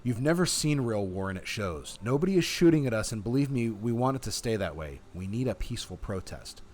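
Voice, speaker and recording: A man voicing a calm, professional man in a narrated text game, reading in a measured way. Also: fairly low pitch. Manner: cool, measured. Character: calm professional middle-aged man, a seasoned organizer.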